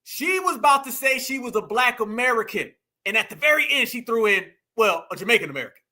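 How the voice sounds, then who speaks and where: A man's voice: very high voice, very animated, fast talker, bright, forceful tone. A man hosting a reaction commentary, addressing viewers as "y'all" and "family" and repeating phrases for emphasis. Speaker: commentary host.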